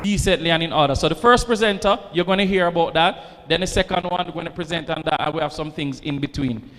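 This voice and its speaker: A man's voice: on the high side, fast, a bit bright. Man addressing a hall. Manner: chatty and informal, promises and jokes. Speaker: event organizer. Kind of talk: welcoming address to students. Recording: reverberant hall, faint ambient noise.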